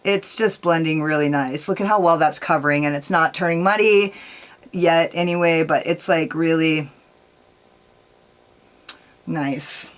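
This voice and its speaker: A woman's voice: deep voice, measured pace, long pauses. A woman makeup vlogger telling a rambling, profane story while doing her makeup, peppering her talk with "like" and "dude".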